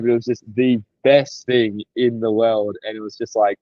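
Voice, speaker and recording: Low-voiced excitable Australian man. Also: normal speed, hardly any pauses, no echo, dull audio. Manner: excitable, sweary, loose storytelling. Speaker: podcast co-host. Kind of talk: casual chat.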